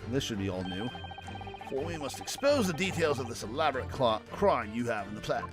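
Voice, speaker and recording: A man voicing a young male defense lawyer in a game, laying out deductions in a measured, explanatory way. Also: mid-range voice, very animated, music in the background, lightly acted. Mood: explaining.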